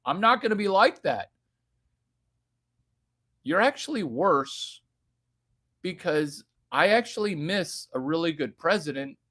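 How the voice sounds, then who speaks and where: A man's voice: fairly high pitch, sing-song, a little slow, pauses often, sharp tone, slightly rough, no room sound, studio quality. A man hosting a livestream, reading chat aloud and riffing on it in a provocative, mocking way. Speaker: livestream host.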